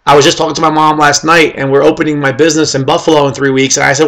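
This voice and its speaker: A man telling his team casual, animated stories about recruiting people, acting out the conversations and speaking to his listeners directly. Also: on the high side, very fast, gravelly. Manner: animated, acts out quoted conversations; addresses listeners directly with "okay?" and "guys". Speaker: network marketing team leader.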